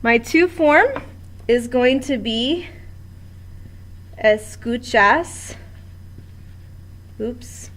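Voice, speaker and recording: A woman's voice: high voice, animated, slow pace. A woman teaching a Spanish grammar lesson at a board in a classroom, explaining step by step with patience.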